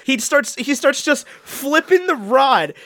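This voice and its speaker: A young man co-hosting a casual chat, telling rambling, animated stories with frequent restarts. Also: very high-pitched, unhurried.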